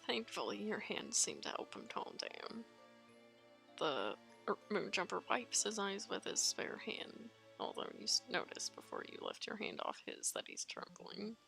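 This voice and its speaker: A woman streamer reading a fan-made visual novel aloud in an expressive, giggly manner, faint game music behind. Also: mid-range voice, a little slow, vocal fry. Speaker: let's play streamer.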